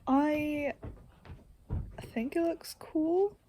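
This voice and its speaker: A young woman with a fairly high voice talks casually to camera. She rambles and makes fun of herself, laughs a lot, and often drops to a soft half-whisper. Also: extremely slow, a little hiss or hum. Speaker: vlogger.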